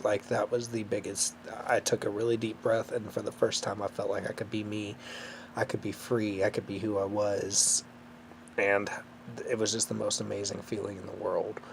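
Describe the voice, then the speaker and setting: A man telling a personal story to camera, emotional and halting, close to tears, with many fillers. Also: lowish voice, creaky, a little hiss or hum. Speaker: vlogger.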